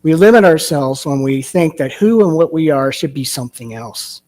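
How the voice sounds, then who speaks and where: A man's voice: on the high side, expressive, moderate pace, darkish tone. A male minister giving a sermon, telling a story and asking rhetorical questions. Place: church sanctuary.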